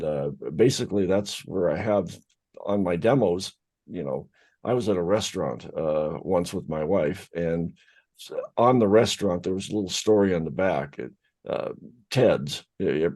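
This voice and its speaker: A man with a very deep, low voice chats casually on a video call, wandering through his story with lots of ums and restarts. He sounds like a regular co-host talking shop about voiceover work. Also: moderate pace, dark tone. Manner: rambling, filler-heavy storytelling. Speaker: podcast co-host, voice actor. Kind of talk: casual group chat.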